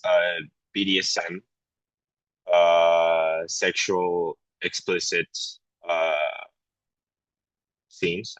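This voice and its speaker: A man with a French accent, a guest actor chatting candidly on a podcast, often pausing to search for words in English. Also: low-pitched, fairly bright tone, dry recording, highs cut off. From France. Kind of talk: casual podcast conversation.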